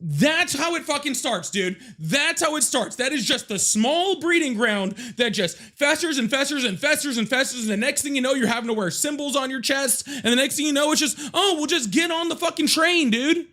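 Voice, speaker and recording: A man hosting a live political debate, angry and profane, shouting and repeating himself insistently. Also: very high-pitched, animated, fairly quick, few pauses. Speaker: livestream debate host. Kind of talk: heated live political argument.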